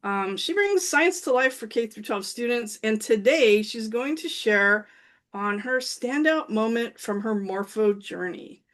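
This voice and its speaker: A woman moderating a panel at an event, introducing speakers in a halting way with many restarts. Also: fairly high pitch, animated, fairly bright tone. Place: event room with an audience.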